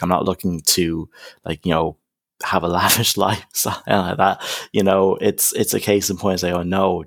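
A young Irish counsellor, appearing as a podcast guest, talks casually and emphatically in an interview, peppering his speech with "you know" and "okay?". His voice is low-pitched with vocal fry.

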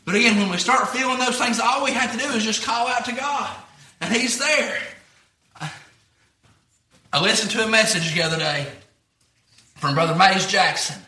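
A man's voice: high voice, normal speed, long pauses, pushed and bright, roomy sound. A man preaching a sermon, retelling a story in a folksy way with repeated "he said".

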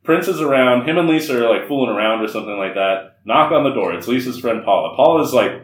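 A podcast co-host with a mid-range, expressive voice talks fast while casually recapping a movie, laughing a lot and performing the characters' lines. The room is echoey, and he sounds a bit distant from the mic.

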